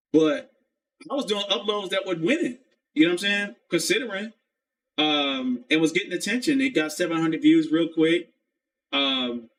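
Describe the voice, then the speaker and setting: Male streamer, casual rambling rant, profane, slightly high voice. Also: fairly bright tone. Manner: rambling, profane, keeps saying "you know what I'm saying". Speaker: live streamer.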